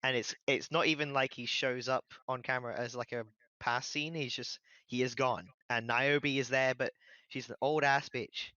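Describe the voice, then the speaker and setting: Bright-voiced joking man, lo-fi mic. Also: medium pitch, fairly even intonation, normal speed, no room sound. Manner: loose and joking, with casual swearing. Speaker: podcast co-host. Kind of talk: casual film discussion.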